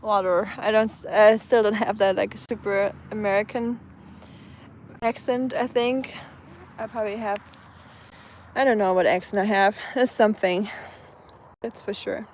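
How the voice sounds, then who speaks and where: A woman's voice: mid-range voice, fairly even intonation, a little slow, pauses often, a little mellow, slight background noise. A woman from Germany with a German accent, casually chatting and answering viewers' comments on an outdoor live stream, with many fillers and restarts. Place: outdoors on a sunny day.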